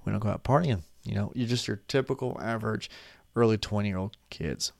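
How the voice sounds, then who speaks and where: A man's voice: fairly low pitch, brisk, vocal fry, darkish tone, dry recording. A man in his twenties talking casually into a desk microphone at home, rambling off on tangents while sleepy and yawning. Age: 20s. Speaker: vlogger.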